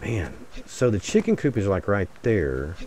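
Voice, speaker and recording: A man's voice: on the low side, very animated, unhurried, darkish tone, a little hiss or hum. A man giving casual, jokey commentary while playing a survival game, rambling and muttering asides to his viewers. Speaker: gaming channel host. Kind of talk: casual solo gameplay commentary.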